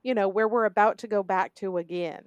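A woman's voice: mid-range voice, a little fast, dry recording. A young woman hosting a true crime podcast, telling the story in a sarcastic, conversational way. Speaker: podcast host.

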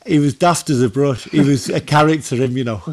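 A man's voice: mid-range voice, a little fast. Chatty man telling football stories. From northwest England. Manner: animated storyteller, many fillers and restarts. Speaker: former goalkeeper, podcast guest. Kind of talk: casual interview chat.

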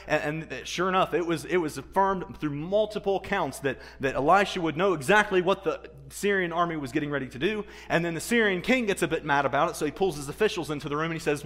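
A man preaching a sermon, telling a story with animated energy, repeating words and acting out the people he quotes. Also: fairly high pitch, fast talker, hardly any pauses. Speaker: pastor.

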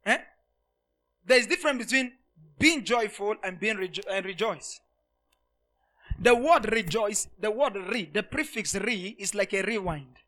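High, bright-voiced man preaching emphatically. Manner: emphatic preaching, swinging from loud shouts to hushed asides; repeats phrases for emphasis. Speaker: pastor. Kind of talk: sermon.

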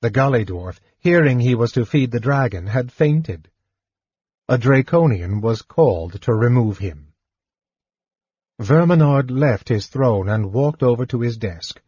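Husky guy reading an audiobook, slow and measured, dull lo-fi sound. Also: medium pitch, animated, darkish tone, dry recording. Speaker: audiobook narrator. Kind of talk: audiobook narration. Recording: dull, dry lo-fi recording.

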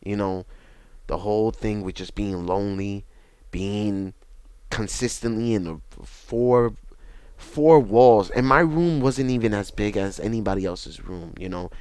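A young man, telling his own story in a halting, repetitive, reflective way. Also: fairly low pitch, darkish tone, clean tone, dry recording. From Bronx, New York. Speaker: interview guest. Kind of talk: personal testimony.

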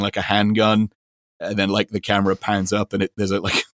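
A man with a lowish voice that stays fairly level, talking through recommendations in an unhurried, meandering way. He keeps restarting sentences and leaning on filler words. The sound is close and dry, with no room around it. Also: completely flat delivery, no echo. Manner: rambling, heavy on fillers and restarts. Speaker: podcast host. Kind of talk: casual recommendation chat.

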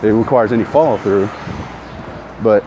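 A middle-aged man with a fairly low voice talks through his podcast while walking outside. He rambles, restarts sentences and breaks off to greet people. Traffic and street noise sit clearly behind him. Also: normal speed, muffled recording. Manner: rambling, self-correcting, greets passersby. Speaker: podcast host. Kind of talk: casual walking podcast monologue. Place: outdoors in a town, walking. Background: traffic and street sounds.

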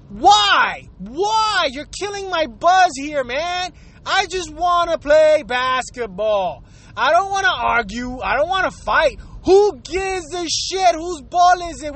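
A man's voice: very high voice, a bit bright. A middle-aged man ranting to his viewers, swearing often and firing off rhetorical questions in a heated, profane monologue. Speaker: vlogger.

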